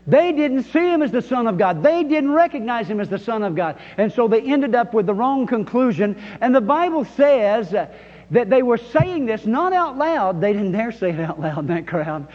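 A man's voice: extremely high pitch, very animated, normal speed. A man preaching a sermon in a church and leading call-and-response with the congregation, in an emphatic manner. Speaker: pastor. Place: church sanctuary. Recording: dull sound with long hall reverb.

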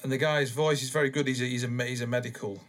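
A man hosting a podcast, rambling in a relaxed, meandering way with many pauses and ums. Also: medium pitch. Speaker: podcast host. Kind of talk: casual rambling monologue.

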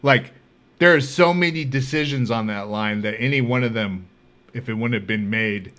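A man hosting a podcast, telling stories in a casual, animated and profane way. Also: mid-range voice, moderate pace. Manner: animated, profane, laughing storyteller. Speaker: podcast host. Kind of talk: casual storytelling chat.

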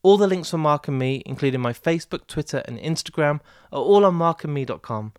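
Smooth-voiced, enthusiastic male podcast host. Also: a little high, animated, fairly quick, no room sound, clean studio sound. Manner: enthusiastic, effusive, swears casually. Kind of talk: casual interview chat and outro.

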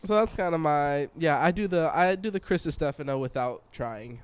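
A man's voice: on the high side, moderate pace, clean tone. A young man guest on a podcast, laid-back and rambling, with lots of "like" and "uh". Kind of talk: casual chat.

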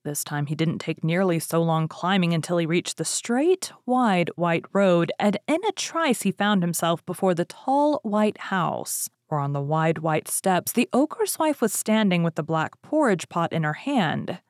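A woman narrating a fairy tale, reading expressively with lively rises on exciting words. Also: fairly low pitch, measured pace, hardly any pauses, dry recording, studio quality. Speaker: story reader. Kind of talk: storybook narration.

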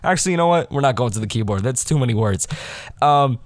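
A man's voice: mid-range voice, expressive, racing, no echo. A teenage boy hosting a rambling solo podcast from his bedroom, often losing his train of thought and correcting himself. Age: teens. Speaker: podcast host. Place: his room at home.

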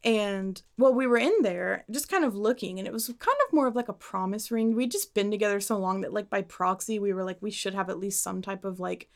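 A young woman co-hosting a podcast, telling a long personal story in casual chat, animated and swearing as she acts out what people said. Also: medium pitch, brisk, gravelly, few pauses. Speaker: podcast co-host.

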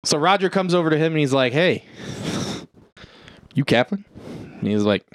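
Fairly high-pitched and speaking at normal speed without echo, this podcast co-host casually recounts a movie scene. His retelling is animated and profane, with quotes performed in character.

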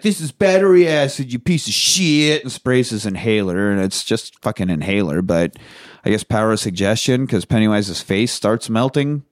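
Laid-back man swearing through a recap. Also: lowish voice. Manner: swears freely, acts out characters' lines. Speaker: podcast co-host. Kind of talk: casual movie recap chat.

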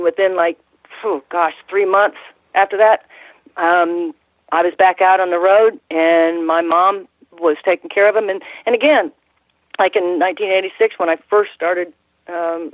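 A woman's voice: lowish voice, no room sound. A woman in her sixties, a former ring announcer, telling rambling stories in a casual interview and laughing often. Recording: tinny phone line, dry.

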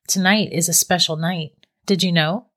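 A woman voicing a calm, teasing witch who holds a young man captive, speaking matter-of-factly in a storybook reading. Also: fairly low pitch, moderate pace. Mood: cool, teasing. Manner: calm, matter-of-fact and mocking. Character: cold, teasing middle-aged female witch captor.

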